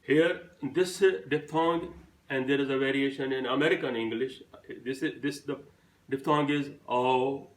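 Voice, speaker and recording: A man's voice: mid-range voice, fairly even intonation, moderate pace, roomy sound, distant mic, low-quality recording. A man giving a phonetics lesson, carefully spelling out example words one at a time. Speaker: teacher.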